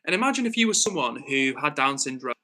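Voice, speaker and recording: Bright-voiced Northwest English man streaming. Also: mid-range voice, quick pace. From Northwest England. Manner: calm, earnest, lecturing a troll with frequent restarts. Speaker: livestream host. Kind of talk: live stream chat reading.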